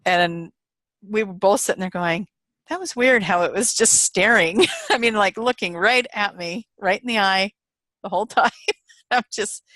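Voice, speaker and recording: A woman's voice: mid-range voice, expressive, normal speed, bright, forceful tone, dry recording. A woman guest in an interview, telling a story casually, retelling quoted voices with animation and laughter.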